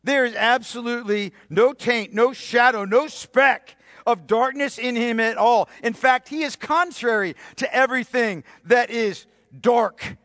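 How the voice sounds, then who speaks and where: A pastor preaches in a high, ringing voice, driving his points home by repeating key phrases. For emphasis he often drops to a hushed, near-whispered, intimate tone. The recording is close and dry, with no room sound.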